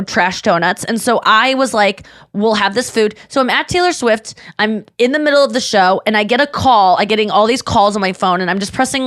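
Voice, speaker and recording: A woman hosting a podcast, telling a story in casual chat with quick laughs and some swearing. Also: medium pitch, fairly bright tone, dry recording, clean studio sound. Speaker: podcast host.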